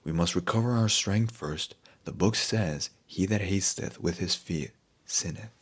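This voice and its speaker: A man voicing a seasoned knight who speaks calmly and formally. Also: low-pitched, breathy edge, heavily acted. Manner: calm, measured, formal. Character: seasoned male knight and driver, calm and measured.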